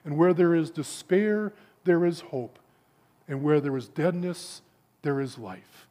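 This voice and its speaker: Unhurried, a man preaches to an assembly of men, recounting stories with stammered repeats and lowering to a hush for emphasis.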